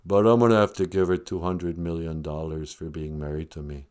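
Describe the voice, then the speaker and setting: A man's voice: sits low, little pitch movement, a little fast, a little mellow, pitched below the performer's own voice, natural voice. A man doing a mumbling tough-guy boxer star. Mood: laid-back. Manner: slurred tough-guy talk. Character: mumbling tough-guy boxer movie star, male, middle-aged, laid-back. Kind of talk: comedic impression.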